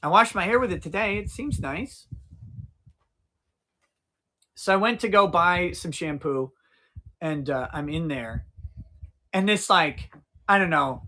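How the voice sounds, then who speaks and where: Outdoors on a relaxed livestream, a fortysomething man with a fairly high, sharp voice talks to his chat. He is profane and rambling throughout.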